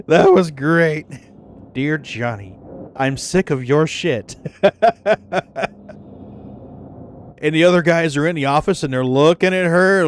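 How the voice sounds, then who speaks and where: A man's voice: high voice, a little hiss or hum. A man on a casual live game stream, swearing freely and laughing as he chats with viewers, still getting over the flu. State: recovering from the flu, coughs when laughing. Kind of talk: casual live-stream chat while gaming.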